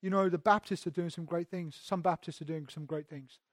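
A man's voice: fairly high pitch, fairly even intonation, fairly quick, dry recording, studio quality. A man, a pastor, preaching a sermon conversationally and emphatically, often repeating words as he goes.

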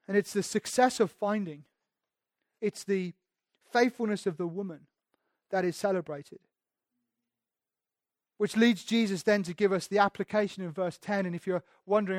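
A man's voice: sits high, normal speed, long pauses, no echo, clean studio sound. A man preaching a sermon in a conversational way, building to emphatic rises. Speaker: pastor.

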